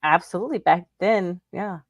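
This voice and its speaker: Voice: medium pitch, normal speed, no room sound, studio quality. A radio co-host chiming in with short reactions. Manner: reactive, brief interjections.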